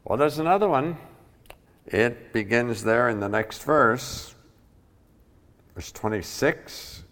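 A man's voice: medium pitch, lively intonation, slow, pauses often, a bit bright. A man preaching a sermon emphatically, repeating key words for weight, recorded with the long reverb of a large hall. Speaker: pastor.

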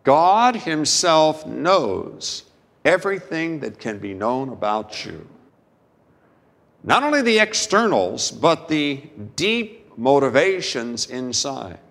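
A man preaching a sermon as a pastor, slow and deliberate, with dramatic pauses. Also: medium pitch, big pitch swings, creaky, fairly bright tone, big-room sound.

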